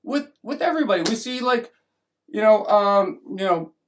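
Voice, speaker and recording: A man's voice: high-pitched, animated, normal speed, slight background noise. A man giving a rambling opinion monologue as a vlogger, often restarting and acting out mocking voices.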